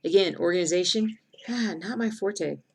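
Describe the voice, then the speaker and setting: A woman's voice: on the low side, moderate pace, vocal fry, breathy edge. A middle-aged woman chatting casually on a live stream, rambling and answering viewer comments aloud as she works. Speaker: cross-stitch streamer.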